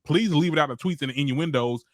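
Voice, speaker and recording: A man co-hosting a casual podcast chat, making emphatic points and repeating "let's be clear.". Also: a little high, fast, no echo, clean studio sound. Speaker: co-host.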